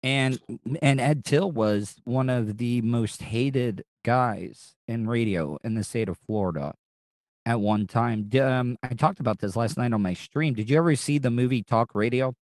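A man's voice: medium pitch, a little slow, a little mellow, dry recording. A man hosting a casual talk show, telling stories in a rambling, profane way with many restarts. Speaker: podcast host. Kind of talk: casual chat. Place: Orlando, Florida.

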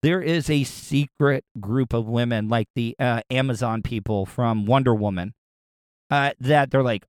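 A man's voice: mid-range voice, unhurried, clear, resonant tone, dry recording. Rambling, profane man on a dry mic. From United States. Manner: rambling, profane, stammering repeats. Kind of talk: ranting monologue.

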